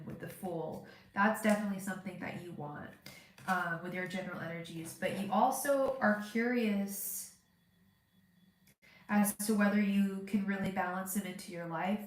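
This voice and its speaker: This woman sounds stuffed-up and congested, her voice at medium pitch in an echoey room. She's a tarot reader giving a live reading, chatty and thinking aloud, full of fillers and restarts.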